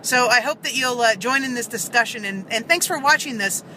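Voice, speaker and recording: A woman's voice: a little high, a little fast, bright, forceful tone, a little hiss or hum, low-quality recording. A woman vlogger earnestly telling a story to camera, rambling with many fillers and restarts, seated in a car.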